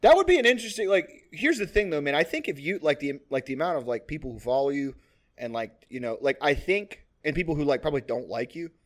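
A man co-hosting a casual comedy podcast, talking loudly and rambling with lots of fillers and restarts. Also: on the high side, lively intonation, fast. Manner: loud, rambling with many likes and restarts. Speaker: podcast co-host.

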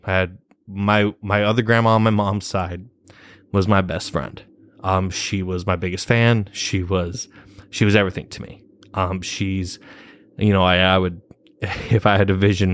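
Rambling low-voiced young man, dry sound. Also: smooth, dry recording. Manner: rambling, heavy cursing, nervous laughs. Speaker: vlogger. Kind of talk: casual personal story.

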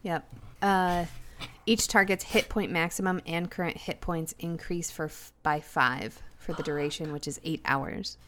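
Lowish woman player reading spell rules, matter of fact, faint noise. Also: fairly even intonation, a little slow. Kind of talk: tabletop role-play.

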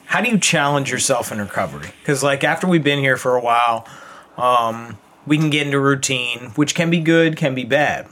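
A man hosting a casual talk, asking a relaxed and thoughtful question with some swearing. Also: mid-range voice, normal speed. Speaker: podcast host. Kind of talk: casual chat.

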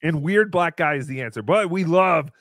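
A podcast host with a lively, swooping voice, gushing as they chat casually. The sound is close and dry. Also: mid-range voice, moderate pace, no echo.

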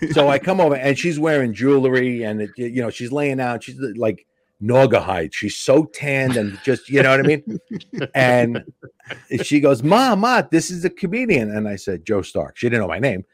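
A man's voice: mid-range voice, normal speed, no echo. Dry-recorded man telling comic stories. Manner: animated anecdotes, acting out quoted women. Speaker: stand-up comedian. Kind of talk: casual storytelling chat.

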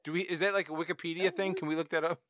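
A man's voice: on the high side, fairly even intonation, very fast, fairly bright tone. A man hosting a podcast in casual banter, swearing and exasperated at his cohosts. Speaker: podcast host.

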